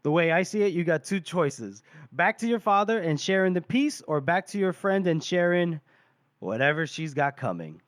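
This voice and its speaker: A blunt, mocking barbarian war chief, read by a man in a podcast recap. The voice sits a little high and sounds dry and close. He swears freely. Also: sing-song, moderate pace, dry recording. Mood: taunting.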